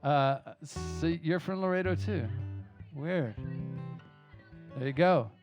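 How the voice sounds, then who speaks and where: A man's voice: fairly high pitch, takes it slowly. A man from Texas, a singer-songwriter in a live music club, rambling loosely between songs, restarting himself and swearing casually. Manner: loose, chatty, self-interrupting, swears casually.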